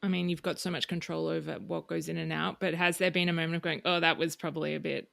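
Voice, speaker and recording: A woman's voice: deep voice, flat delivery, quick pace, gravelly, a bit bright. A woman hosting an interview, asking questions in a casual conversational way. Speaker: podcast host.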